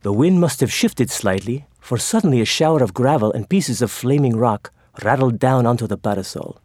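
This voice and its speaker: A man tells an audiobook story expressively, speaking at a moderate pace in a medium pitch. The recording is dry and of studio quality.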